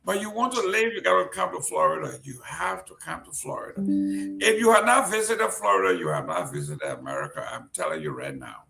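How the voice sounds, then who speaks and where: A man's voice: fairly high pitch, creaky, bright, forceful tone. A man from Liberia hosting a live-streamed talk show, chatty and joking as he reads out viewers' greetings. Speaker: host. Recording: roomy echo.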